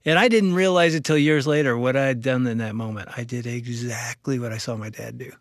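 A man in his sixties, a co-host telling a story in conversation, animated and self-mocking. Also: medium pitch, brisk, dry recording, clean studio sound.

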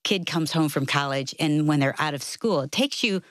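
A woman's voice: low-pitched, moderate pace, a bit bright, no room sound, clean studio sound. A middle-aged woman telling a family story in a casual faith conversation, acting out the people she quotes. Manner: storytelling, acts out quoted voices.

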